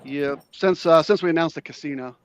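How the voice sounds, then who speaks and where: Fast-talking man on dull lo-fi audio. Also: fairly high pitch, slight background noise. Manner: earnest, rambling, with many restarts. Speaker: guest. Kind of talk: casual chat.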